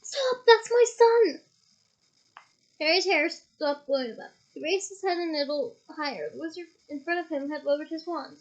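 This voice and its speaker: A woman reading a novel aloud, lively, breaking off now and then for playful comments. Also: sits high, fairly quick, hardly any pauses, low-quality recording. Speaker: audiobook reader.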